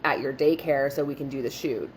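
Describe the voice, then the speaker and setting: A woman's voice: extremely low pitch, a little fast, a little mellow, a little hiss or hum, rough recording. A woman voicing an entitled, pushy mother client, flippant and dismissive, in a storytime retelling. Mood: breezy entitled.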